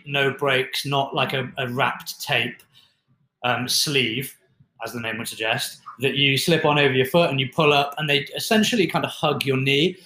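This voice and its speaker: A man co-hosting a fitness talk, explaining lifting equipment in a relaxed, chatty way with many fillers. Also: mid-range voice. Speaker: fitness podcast co-host. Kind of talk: casual explanatory chat. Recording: roomy echo.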